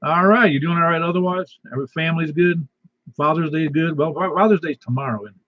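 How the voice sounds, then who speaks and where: The net control host is a man with a high-leaning voice who talks fast. He lisps slightly because of a missing tooth and drifts through folksy, rambling announcements stuffed with fillers on this casual amateur radio net, heard through dull lo-fi radio audio.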